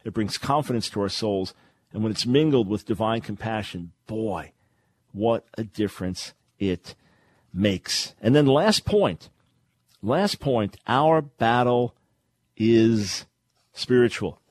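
A man's voice: lowish voice, lively intonation, takes it slowly, no room sound. A man hosting a radio show and teaching from the Bible in an emphatic, preacherly way, repeating his key phrases.

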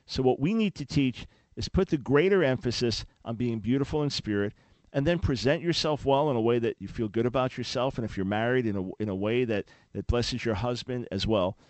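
A man's voice: mid-range voice, fairly quick, a little mellow, no room sound. Earnest preacherly male radio host. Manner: earnest, preacherly, emphatic with frequent restarts. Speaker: radio talk show host. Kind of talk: call-in radio talk.

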